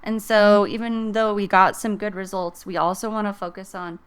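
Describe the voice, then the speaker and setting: A woman's voice: medium pitch, steady tone, moderate pace, clean tone. A woman giving a casual, encouraging tarot reading to camera, chatting and thinking aloud as she goes. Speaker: tarot reader.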